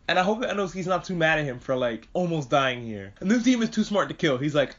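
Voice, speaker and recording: A man giving a casual spoken anime review, excitable and profane, gushing over what he watched. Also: on the high side, quick pace, hardly any pauses. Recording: dull lo-fi recording.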